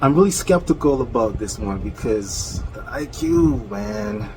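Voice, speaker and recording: A man delivers a confrontational rant with a mocking edge, chuckling between his points and weighing each word slowly. His pitch sits in an ordinary middle range. A faint background hiss runs under the recording. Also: huge pitch swings, vocal fry, darkish tone, poor audio. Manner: mocking, laughs often, slow deliberate delivery. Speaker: channel host.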